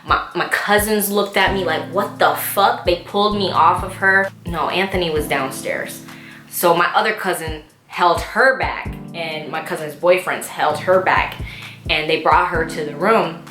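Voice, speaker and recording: A young woman telling a personal story to camera in a casual, animated way, full of "like" and quoted dialogue, with frequent swearing. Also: fairly low pitch, a little slow, roomy sound, faint music behind. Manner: animated, lots of "like", quoting people in her story, swears freely.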